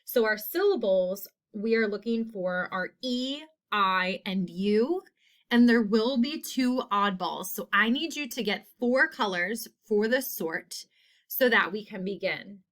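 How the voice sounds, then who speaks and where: A woman teacher talks very slowly and carefully through a spelling lesson. She sounds out letters and repeats each word in a simple example sentence. Her voice sits at an ordinary middle pitch. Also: lively intonation, fairly bright tone. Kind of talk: slow, deliberate phonics lesson.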